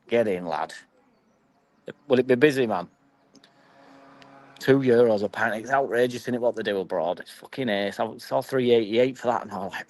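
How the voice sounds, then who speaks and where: Yorkshire football-fan streamer, young man, lowish voice, dry close sound, sweary and chatty with his viewers. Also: darkish tone, dry recording, poor audio. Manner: chatty, sweary, banters with live chat. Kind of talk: casual live-stream chat.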